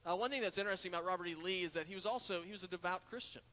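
A man's voice: high voice, rapid-fire, sharp tone. A male pastor preaching an earnest sermon in a church, building to emphatic points. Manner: earnest preaching, frequent uh fillers and restarts, rises to emphatic points. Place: church sanctuary. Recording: long hall reverb in a church.

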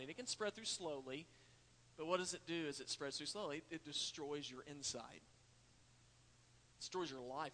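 A man's voice: fairly high pitch, fairly bright tone, a little hiss or hum. A man preaching a sermon, telling a folksy story and talking to the congregation as y'all. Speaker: pastor. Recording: church hall reverb.

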